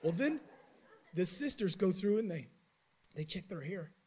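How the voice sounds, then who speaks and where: A man with a somewhat high, husky voice gives a mission trip report to his church. He tells it as a loose, animated story, restarting sentences often. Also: a little slow, poor audio. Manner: animated storytelling with many restarts and acted-out quotes. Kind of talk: informal sermon testimony.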